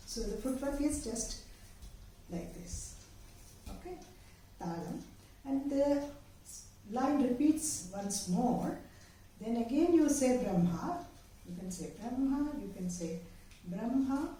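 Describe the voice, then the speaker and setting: A woman gives patient, step-by-step dance instruction and stops often to demonstrate. Her voice is a little high and mellow. It is picked up from across a very echoey room, with faint noise behind it. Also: distant mic. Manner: patient, explanatory, pauses with fillers while demonstrating. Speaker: dance teacher.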